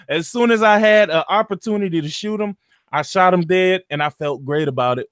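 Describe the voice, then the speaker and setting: A man's voice: high-pitched, brisk, a bit bright, clear, resonant tone, no room sound, clean studio sound. A man, animatedly retelling a video game story in casual chat, full of slang and profanity. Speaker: gaming podcast co-host.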